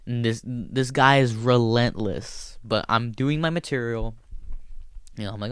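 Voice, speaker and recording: A male comedian tells a story in a loose, rambling style, swearing freely as he goes. His voice sits at an ordinary middle pitch. The sound is dry and close, with no room around it. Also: moderate pace, clean tone, no echo. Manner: profane, rambling, animated storyteller. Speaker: stand-up comedian and show host. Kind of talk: casual storytelling chat.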